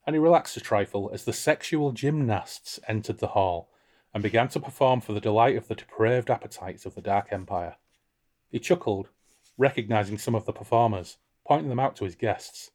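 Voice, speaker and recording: A man's voice: fairly low pitch, a little fast. A man co-hosting a book podcast, reading passages aloud expressively and chatting about them casually. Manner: expressive reader, lifts voice for quoted characters. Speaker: podcast co-host reading and discussing a novel.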